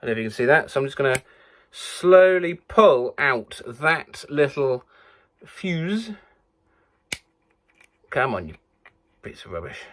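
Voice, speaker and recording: A man hosting a comic video, excitable and swearing as he tries silly sound requests. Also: medium pitch, a little slow, pauses often, a little hiss or hum. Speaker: YouTube host. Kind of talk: comic vlog reading out viewer sound requests.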